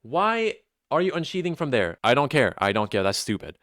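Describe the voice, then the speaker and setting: A young man giving casual, animated gameplay commentary, full of incredulous, mock-outraged rants. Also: medium pitch, fairly quick, no room sound, studio quality. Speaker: YouTube gaming commentator.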